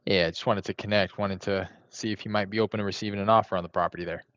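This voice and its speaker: A man's voice: fairly low pitch, fairly even intonation, rapid-fire, a bit bright, no room sound. A man making casual real estate cold calls from home while making lunch, talking in a laid-back, conversational way with lots of fillers. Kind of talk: casual livestream chat and phone calls. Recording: slightly dull, dry recording.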